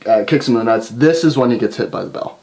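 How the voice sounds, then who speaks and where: A man's voice: medium pitch, fast talker. A man co-hosting a wrestling review podcast, chatting casually and acting out quotes in put-on voices. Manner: animated, acts out quotes with jokey put-on voices. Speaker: podcast co-host. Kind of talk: casual chat.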